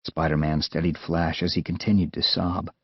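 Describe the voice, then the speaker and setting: A man with an American accent narrating an adventure audiobook in a lively, expressive way. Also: deep voice, moderate pace, husky, no echo. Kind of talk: scripted narration. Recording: dull, dry studio sound.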